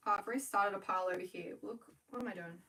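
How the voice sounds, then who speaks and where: A young woman with an Australian accent chatting casually to viewers on a livestream while she works, talking quickly and correcting herself as she goes. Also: medium pitch, creaky, bright, forceful tone. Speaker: small business owner livestreaming. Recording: voice a bit far from the mic.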